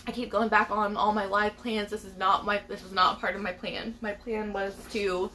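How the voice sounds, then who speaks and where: A woman's voice: mid-range voice, flat delivery, moderate pace, pushed and bright, slight background noise. A young woman vlogging to her followers about her pregnancy, emotional and rambling, with many restarts and laughs. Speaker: beauty vlogger. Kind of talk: casual vlog to followers.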